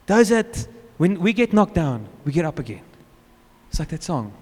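A South African man preaching in a relaxed, joking way, acting out the things people say. His voice sits high and swings widely in pitch. The sound carries the long reverb of a church hall. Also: normal speed, breathy edge. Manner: informal, joking, acts out quotes. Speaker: pastor. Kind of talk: conversational sermon.

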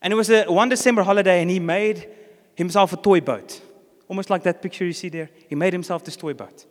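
A man's voice: high-pitched, fairly quick. A man with a South African accent, preaching a sermon as pastor and telling a story with acted-out lines. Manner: storytelling, acts out characters' lines. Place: church. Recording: reverberant church hall.

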